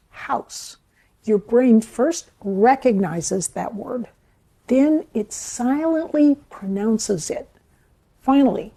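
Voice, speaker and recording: A woman giving scripted educational narration in a measured, explanatory way. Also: on the high side, mellow, breathy edge.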